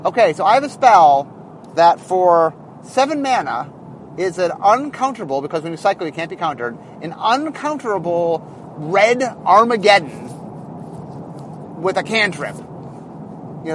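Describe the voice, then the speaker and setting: A man's voice: high voice, noisy background. A man who is a game designer, talking in a casual, rambling way, often correcting himself as he explains. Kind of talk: casual spoken commentary.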